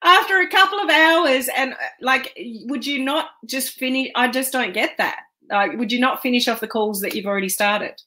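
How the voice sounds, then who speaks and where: A woman coach chats casually on a live stream, rambling along with plenty of ums. Her voice sits a little high and rings out bright and forward. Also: normal speed. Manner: chatty and rambling, with frequent ums.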